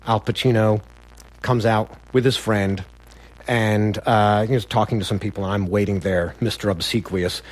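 A man telling a funny personal story in a wry, animated way, acting out the other people's lines. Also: fairly low pitch, moderate pace. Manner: wry, animated, acts out voices. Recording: music bed behind voice.

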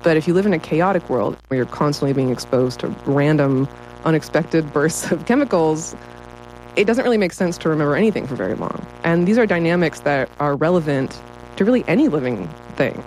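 A woman's voice: low-pitched, expressive, brisk, darkish tone, a little hiss or hum, poor audio. A woman writer talking as a guest in a casual interview, enthusiastic and often breaking into laughter.

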